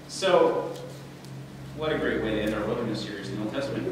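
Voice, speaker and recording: A man's voice: fairly low pitch, lively intonation, quick pace, pauses often, noisy background. A man preaching a sermon as pastor, conversational and joking, reading scripture aloud in a church. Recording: echoey church hall, voice from far off.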